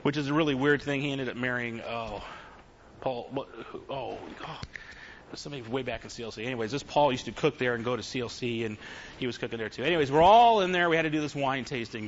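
Heard through a dull lo-fi recording with slight background noise, a middle-aged preacher with a mid-range voice gives a sermon. He entertains his congregation with funny stories that confess his own failings.

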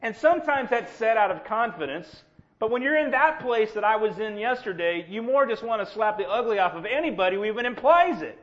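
A man preaching a sermon in an animated, sarcastic, self-mocking way. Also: high-pitched, a little fast. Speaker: pastor. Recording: dull lo-fi sound.

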